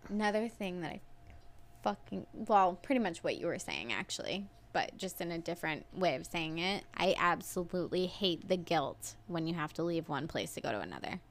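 A woman's voice: fairly low pitch, animated, moderate pace. Candid, swearing woman co-host. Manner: candid, swears casually, acts out exasperated quotes. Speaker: podcast co-host. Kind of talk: casual chat.

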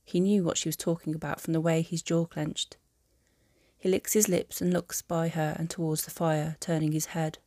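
A woman narrating a fan audiobook in a calm, even storytelling manner. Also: low voice, normal speed.

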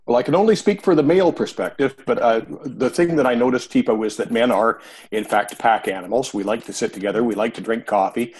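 A middle-aged man from Canada, a dementia care trainer chatting as a guest on a podcast in a relaxed, drawling way with many pauses. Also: mid-range voice, slightly rough. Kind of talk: casual podcast chat.

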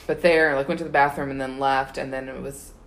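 A woman's voice: rumbling low, fairly even intonation, a little fast, slight background noise. A young woman chatting casually, rambling with many fillers and frequent laughter. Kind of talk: casual chat.

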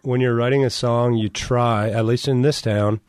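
A man's voice: medium pitch, steady tone, moderate pace, a little mellow, dry recording. A man, a country singer guest, telling stories in a chatty, joking way. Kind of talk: casual interview storytelling.

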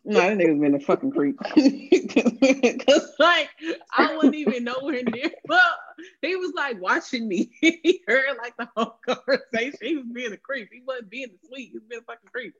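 Profane, animated woman telling a story. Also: sits high, moderate pace, breathy edge. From American South. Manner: profane, animated, laughing often. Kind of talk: casual chat. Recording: dull lo-fi sound.

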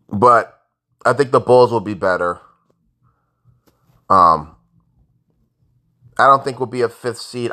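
Sounding annoyed, a man vlogs about sports in a loose, ranting style. His volume jumps from loud blowups down to low muttering.

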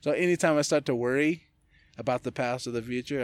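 An animated man talks with a podcast host, telling stories with plenty of laughter and the odd swear word. His voice sits in a middle register, and his talk stays loose and conversational. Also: medium pitch, brisk, no echo. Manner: animated, laughing storyteller who swears casually. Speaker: podcast guest. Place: indoors, casual setting with a beer.

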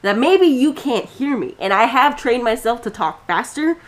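A woman's voice: a little high, animated, normal speed. Blunt, swearing young woman ranting. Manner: blunt, profane ranting storyteller. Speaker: podcast co-host. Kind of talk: casual chat.

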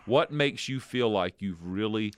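A man hosting a podcast in casual chat, asking questions in a playful, animated way from a studio. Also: on the low side, unhurried, clear, resonant tone, no echo. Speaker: podcast host.

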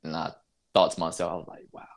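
Young man telling a story, low voice. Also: quick pace, creaky. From North Carolina. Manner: animated, laughs while telling, acts out voices. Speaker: interview guest, basketball player. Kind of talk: casual storytelling.

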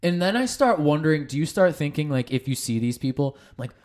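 A young man co-hosting a casual chat, animated and profane, laughing often as he talks. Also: on the high side, brisk.

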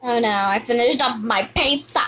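Woman, game commentary, excitable, sing-song repetition, slightly high voice, faint background hiss. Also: moderate pace, poor audio. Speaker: gaming video host. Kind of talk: live gameplay commentary.

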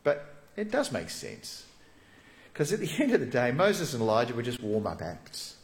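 A man preaching a sermon as a pastor, telling the story vividly and dropping to soft, hushed tones. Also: medium pitch, huge pitch swings, normal speed, roomy sound.

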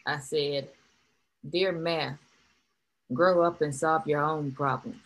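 A woman telling one-liner jokes on a comedy podcast, delivering them dry and deadpan. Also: sits low, slow pace, rough recording.

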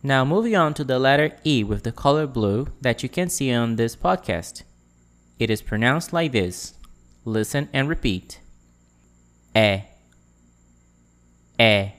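A man teaching a French pronunciation lesson on a podcast, speaking clearly and repeating words for listeners to copy. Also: mid-range voice, expressive, normal speed.

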